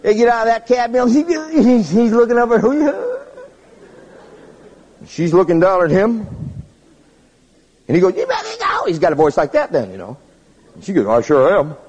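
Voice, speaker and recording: A man preaching a humorous sermon, telling stories in an animated way and jumping to squeaky high tones for effect. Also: a little fast, long pauses, big-room sound, muffled recording.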